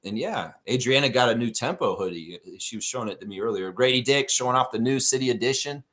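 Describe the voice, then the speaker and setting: A man's voice: mid-range voice, expressive, fast talker, a bit bright. A man hosting a live basketball fan show in a casual chat, ranting and swearing freely as he talks. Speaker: podcast host.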